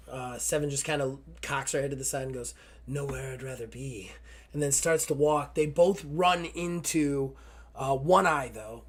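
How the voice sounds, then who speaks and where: A man runs a tabletop game in a loose, rambling way, full of fillers and offhand swearing. His voice sits a little higher than most men's. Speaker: game master.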